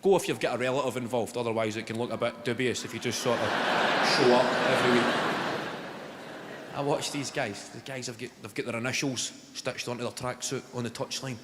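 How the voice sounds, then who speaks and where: A man with a Glaswegian Scottish accent performing a stand-up comedy routine, telling dry stories that break into shouted impressions. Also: mid-range voice, fairly quick. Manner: deadpan storytelling that bursts into shouted impressions. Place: large theatre stage. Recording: live theatre with long reverb, audience noise. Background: audience laughter.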